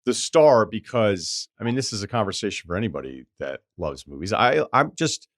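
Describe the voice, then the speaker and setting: A male podcast host with a low, deep voice that swings widely in pitch as he makes his points. He speaks emphatically and conversationally, and the sound is dry and close-miked. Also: sing-song, moderate pace, no room sound. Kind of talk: casual interview chat.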